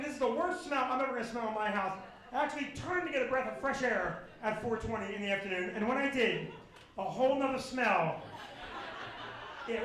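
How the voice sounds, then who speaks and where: High-voiced man doing stand-up. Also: a little hiss or hum. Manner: animated, building to loud exasperated punchlines. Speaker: stand-up comedian. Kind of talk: stand-up storytelling. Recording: echoey live room.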